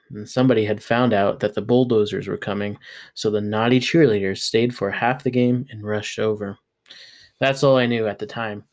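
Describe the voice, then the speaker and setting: Man reading a novel aloud. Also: lowish voice. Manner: plain, steady storytelling. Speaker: reader.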